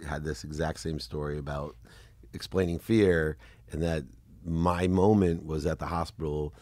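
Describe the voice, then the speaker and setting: A man in his fifties hosting a podcast interview, talking in an animated, rambling way and laughing often. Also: a bass voice, moderate pace, dry recording. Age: 50s. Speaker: podcast host. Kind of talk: conversational interview.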